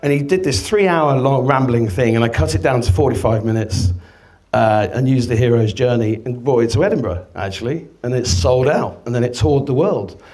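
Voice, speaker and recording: A man speaks to a live audience in a loose, rambling way, swearing freely and slipping into little acted-out exchanges. His pitch sits in an ordinary middle register. He is speaking in an event venue. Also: moderate pace, hardly any pauses, darkish tone. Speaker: guest speaker. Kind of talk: casual live talk to an audience.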